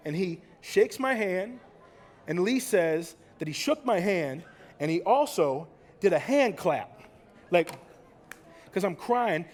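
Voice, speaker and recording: A man's voice: high voice, expressive, moderate pace. An American man in his forties giving an emotional, rambling stage talk at a conference, swearing freely as he tells stories. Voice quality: profane, rambling storytelling. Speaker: conference speaker.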